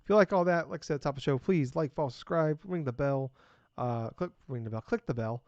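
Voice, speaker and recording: A man's voice: fairly high pitch, fast, a little mellow, no room sound. A man with a mid-range voice, telling self-deprecating stories as a podcast co-host and swearing casually. The sound is dry and close, with a dull, lo-fi quality.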